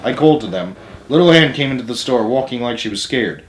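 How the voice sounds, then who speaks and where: A man reads a novel aloud in a mid-pitched voice, steady and plain, fixing small slips as he goes. His voice carries a roomy echo. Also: fast, a little hiss or hum. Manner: plain steady reading with small self-corrections. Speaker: storyteller.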